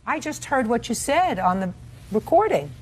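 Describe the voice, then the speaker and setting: A woman's voice: on the high side, sing-song, moderate pace, a little hiss or hum. A woman presiding as a television judge, stern and lecturing, often cutting people off. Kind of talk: courtroom questioning.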